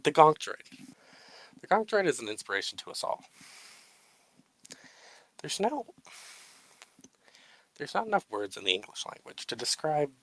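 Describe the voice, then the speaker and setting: A man's voice: on the high side, sing-song, unhurried, pauses often, a bit bright, no echo, rough recording. A man co-hosting a casual, unedited podcast chat. He swears freely, laughs at himself and launches into mock-grandiose tributes. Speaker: podcast co-host.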